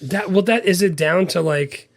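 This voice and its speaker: A man co-hosting a casual movie podcast, animated and laughing often as he quotes scenes. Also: sits high, moderate pace. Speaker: podcast co-host.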